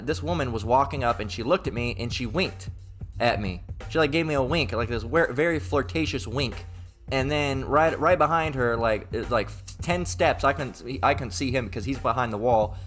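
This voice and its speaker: A man's voice: mid-range voice, a bit bright. A man reading scripture aloud and commenting in a casual, rambling way, with stammered restarts and crude slang. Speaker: bible commentator.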